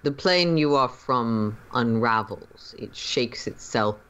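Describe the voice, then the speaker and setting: Brief: a man playing an ancient fae gatekeeper, grave and formal, very slow, low, muffled lo-fi sound. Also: animated, a bit bright, smooth. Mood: solemn. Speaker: game master. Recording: muffled lo-fi recording.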